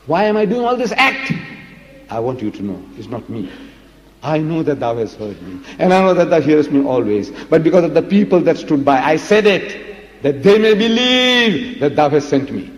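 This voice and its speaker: A man's voice: fairly high pitch, very animated, normal speed. A man giving a religious lecture in an emphatic, dramatic way, full of rhetorical questions. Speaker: preacher. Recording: dull lo-fi recording in a reverberant hall.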